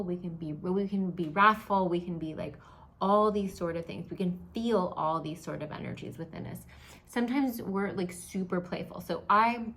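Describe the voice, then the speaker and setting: A young woman explains spiritual ideas in a loose, chatty way, restarting her sentences and laughing at her own slips. Her voice sits somewhat low for a woman. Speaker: spiritual teacher. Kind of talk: casual spoken teaching to camera.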